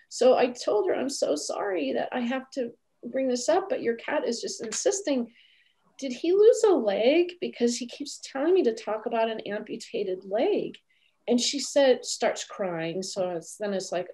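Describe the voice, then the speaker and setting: Animated woman telling a story. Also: fairly high pitch, normal speed. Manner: animated, acts out quoted voices. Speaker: animal communicator guest. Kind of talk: storytelling interview.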